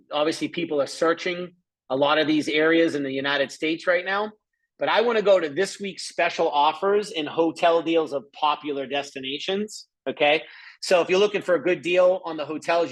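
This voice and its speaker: A middle-aged man giving an excited, chatty sales presentation over a live screen share, with lots of asides to viewers. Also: on the high side. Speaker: presenter of a travel membership.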